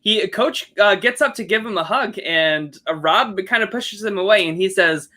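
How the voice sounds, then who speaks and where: A man's voice: high-pitched, normal speed, pushed and bright. A man co-hosting a podcast, recapping in a casual, hesitant way full of fillers. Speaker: podcast co-host.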